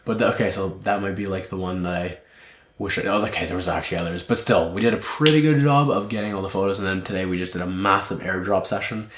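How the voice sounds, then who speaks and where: A man's voice: sits low, fairly even intonation, fast talker, a bit bright, slight background noise. A tired young man reflecting candidly in a casual monologue, swearing often and rambling as he thinks aloud. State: underslept, tired. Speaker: podcast host. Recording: echoey room.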